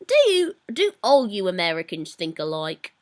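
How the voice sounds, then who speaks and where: A woman voicing a young woman who speaks in a put-on Cockney-style British accent and keeps repeating an insistent question in a loud, high voice. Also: sing-song, moderate pace.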